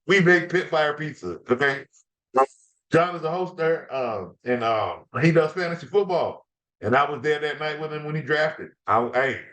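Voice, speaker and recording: A man hosting a fantasy football podcast, talking in an excited, casual way, repeating words and using slang. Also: mid-range voice. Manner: energetic, repeats words, slangy trash-talk style.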